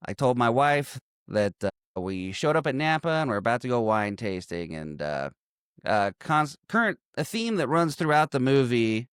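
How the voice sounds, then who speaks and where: A man's voice: medium pitch, lively intonation, moderate pace, fairly bright tone, smooth, no echo, studio quality. A man in his thirties, co-hosting a casual movie-review chat, who laughs a lot and retells scenes by quoting the characters. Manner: laughs often, retells scenes with quoted lines. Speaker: podcast co-host.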